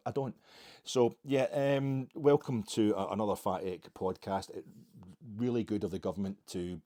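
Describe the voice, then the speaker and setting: Low-voiced rambling Scottish man. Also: moderate pace, mellow. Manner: rambling, self-mocking, wry. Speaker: podcast host. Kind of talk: casual monologue.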